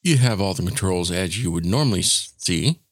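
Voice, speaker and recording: A man hosting a casual software tutorial, explaining each step in an informal, demonstrative way. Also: deep voice, expressive, fairly quick, a little hiss or hum. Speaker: tech tutorial host.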